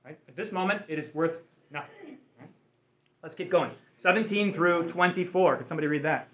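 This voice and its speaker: High-voiced man leading a Bible class. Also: lively intonation, moderate pace, bright, forceful tone. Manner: conversational, asks the group questions. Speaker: Bible study leader. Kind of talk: interactive Bible class teaching.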